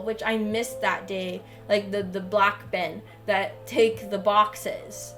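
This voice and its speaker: A woman's voice: medium pitch, slow pace, few pauses, a bit bright, soft background music. A young woman livestreamer chatting casually as she unboxes packages, gushing and swearing freely. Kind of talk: casual chat while unboxing.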